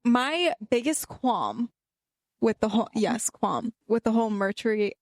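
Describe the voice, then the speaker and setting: A woman's voice: a little high, expressive, unhurried, no room sound, clean studio sound. Playful young woman co-host. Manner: playful, laughs often, casual swearing. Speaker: podcast co-host. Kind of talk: casual chat.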